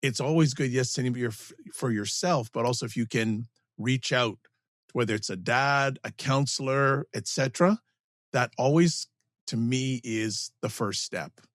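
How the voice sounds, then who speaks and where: A man co-hosting a parenting podcast, speaking in a steady, affirming way with halting restarts. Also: medium pitch, dry recording, clean studio sound. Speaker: podcast co-host. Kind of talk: casual podcast chat.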